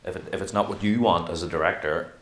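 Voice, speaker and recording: Deep-voiced man in an echoey room. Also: fast talker. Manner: animated, rambling, acts out quotes. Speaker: actor and interview guest. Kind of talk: casual interview talk.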